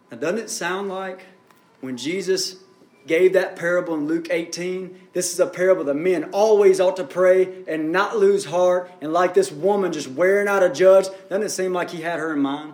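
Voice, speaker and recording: A man's voice: high-pitched, moderate pace, a little mellow, reverberant. A man preaching a sermon as pastor, building up and easing off in intensity. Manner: preaching with rising and falling intensity.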